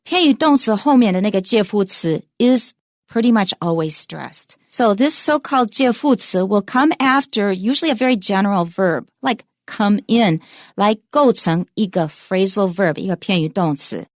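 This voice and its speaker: A woman teaching English pronunciation in a bilingual lesson, demonstrating stress with clear, emphatic example sentences. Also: mid-range voice, lively intonation, moderate pace, dry recording, studio quality.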